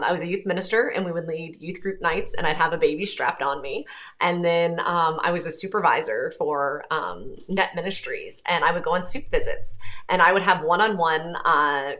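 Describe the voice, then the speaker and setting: Lower-voiced woman in casual chat. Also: fairly bright tone. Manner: chatty, rambling with frequent ums and self-corrections. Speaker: host. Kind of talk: casual livestream chat reading viewer comments.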